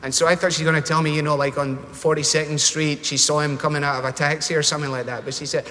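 A male preacher delivers a sermon with animated storytelling, his voice bright and a little higher than most men's. The sound rings out with a long reverb, as if in a large church hall. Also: fast, hardly any pauses, a little hiss or hum. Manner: storytelling, animated, shifts pitch for quoted voices.

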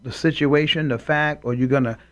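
A man's voice: on the high side, steady tone, brisk, a bit bright. A man co-hosting a Christian talk show, speaking in an emphatic, preacherly way and quoting scripture. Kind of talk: faith talk show discussion.

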